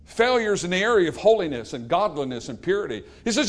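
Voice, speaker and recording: Animated, high-pitched male preacher. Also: fast, hardly any pauses. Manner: emphatic, repetitive preaching cadence. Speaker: pastor. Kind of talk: sermon.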